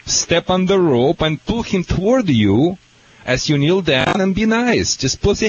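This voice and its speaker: A man's voice: a little high, sing-song, unhurried, muffled recording, slight background noise. A man with a Russian accent, a dog trainer giving blunt, boastful advice on a call-in radio show.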